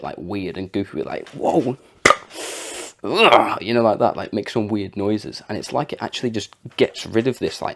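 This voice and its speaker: A young man talks casually about mindset, rambling through plenty of fillers. His voice sits low and has a gravelly fry, roughened further by a sore throat. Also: darkish tone. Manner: rambling and chatty, with frequent fillers and laughs. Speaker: vlogger. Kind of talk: casual motivational talk to camera.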